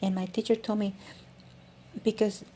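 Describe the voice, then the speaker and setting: A woman's voice: medium pitch, little pitch movement, normal speed, mellow, a little hiss or hum. A woman teaching a music lesson, demonstrating as she talks and often restarting her sentences. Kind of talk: instructional video lesson.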